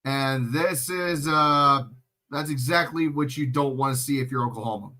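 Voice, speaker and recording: At a medium pitch and normal speed, with a sharp tone, a man gives profane, ranting play-by-play of a football game on a live stream, lecturing the players between plays.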